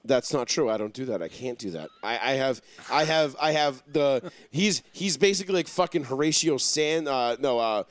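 A man's voice: medium pitch, lively intonation, moderate pace, few pauses, no echo. A man hosting a casual sports talk podcast, rambling, swearing and sure of his takes. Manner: rambling, profane, self-assured. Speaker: podcast host.

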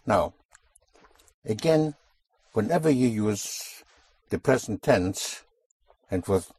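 A man teaching a spoken language lesson to a student, explaining slowly and deliberately and repeating key sounds. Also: on the low side, lively intonation, a little mellow, slightly rough, no echo.

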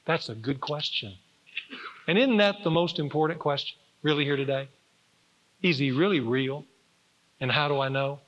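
A man's voice: on the high side, normal speed, long pauses. A middle-aged man, a pastor, preaching an earnest, emphatic sermon in a church sanctuary. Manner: earnest, emphatic preaching with rising and falling force. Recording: dull reverberant church recording.

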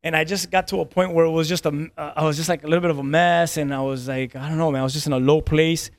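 He talks fast in a steady, slightly high voice: a man in his thirties, a pastor, telling a personal story on a podcast. Earnest throughout, he repeats his words a lot and laughs between lines.

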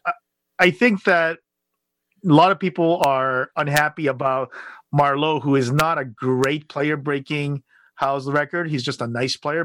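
A man co-hosting a podcast in casual chat, animated and rambling, full of fillers and restarts. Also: a little high, dry recording. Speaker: podcast co-host.

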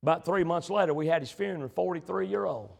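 A male preacher delivering a sermon, emphatic and swinging between loud passages and hushed ones. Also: fairly high pitch, fast talker, creaky.

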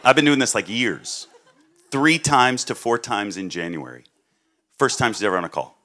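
Deep-voiced man preaching animatedly. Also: moderate pace. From Massachusetts, USA. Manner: animated storytelling, swings between loud and quiet. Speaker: guest preacher. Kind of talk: sermon with storytelling.

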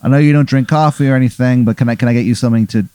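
A man's voice: medium pitch, fairly even intonation, rapid-fire, warm tone, clean tone, no room sound, close to an everyday voice. A man voicing a cheerful dad who speaks in a chipper, overly friendly way. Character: cheerful folksy dad waking his son.

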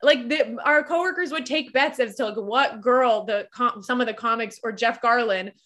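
A woman's voice: on the high side, normal speed, a bit bright. A woman telling work stories in casual chat, full of restarts. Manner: chatty storytelling with frequent restarts. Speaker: podcast guest recalling past work as a comedy club server.

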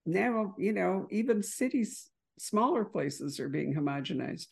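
Gravelly husky chicago lady hosting a book talk, chatty, cuts in a lot. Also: medium pitch, expressive, unhurried, a little mellow. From United States, Chicago. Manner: chatty, jumps in to finish thoughts. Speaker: bookstore host interviewer.

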